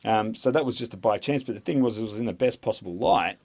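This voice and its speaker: A man's voice: lowish voice, fast, a little mellow. An Australian man, an army veteran, talking candidly in an interview in a rambling way, with lots of hesitation and frequent swearing.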